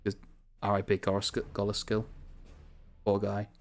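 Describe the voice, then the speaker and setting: Rambling northern English man, low-ish voice. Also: completely flat delivery, unhurried, soft background music. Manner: rambling, chatty, swears casually. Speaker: gaming video host. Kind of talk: casual strategy game commentary.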